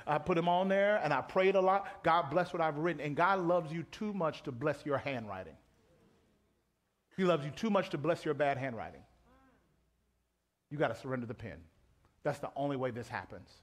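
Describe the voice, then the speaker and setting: A man pastor preaching a live sermon in a church auditorium, animated and conversational, calling out to the congregation. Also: fairly high pitch, normal speed, pauses often.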